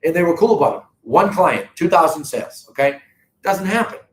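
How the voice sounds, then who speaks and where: A man's voice: on the high side, expressive, a little fast, echoey room, poor audio. A middle-aged man with a Boston accent hosting a live real estate update, talking to viewers in an earnest, emphatic sales manner. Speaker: real estate company host. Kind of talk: live video market update.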